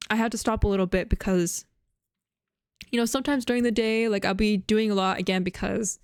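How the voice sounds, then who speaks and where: A woman's voice: mid-range voice, clean tone, no echo, clean studio sound. A young adult woman VTuber chatting casually to her viewers, rambling with many fillers and restarts while chewing gum. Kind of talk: casual chat to camera.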